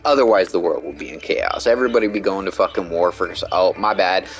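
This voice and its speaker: A man's voice: deep voice, expressive, fast, rough recording. A man streaming a game, ranting bluntly in casual talk and swearing a lot. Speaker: gaming streamer. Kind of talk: casual rant while gaming.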